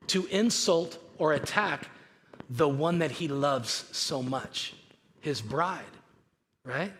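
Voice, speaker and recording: With a slightly high and somewhat bright voice, a Californian pastor tells stories in a casual, chatty sermon, repeating himself often. He's recorded in a reverberant church auditorium where faint noise can be heard.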